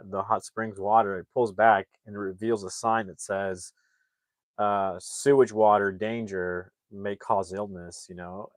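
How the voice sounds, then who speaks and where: Rambling low-voiced man retelling a movie. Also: a bit bright, no echo. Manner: rambling, heavy on fillers. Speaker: movie reviewer. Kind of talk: casual plot recap.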